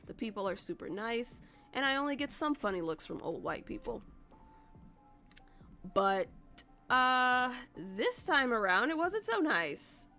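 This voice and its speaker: A woman streamer rambles through a story for her chat, cursing casually and circling back when she loses her thread. Her voice carries a gravelly edge. Faint music plays beneath. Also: a little high, sing-song, unhurried, sharp tone. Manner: chatty, profane, rambling with restarts.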